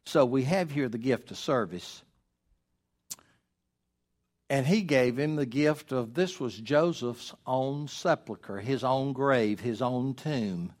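A male pastor, preaching a sermon emphatically, with rhetorical questions and slowed words for stress. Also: mid-range voice, expressive, a little mellow.

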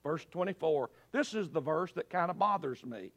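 A man, a pastor, preaching a sermon at a church service. His delivery is dramatic, swinging from loud cries to hushed, low phrases. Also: expressive, moderate pace, no echo.

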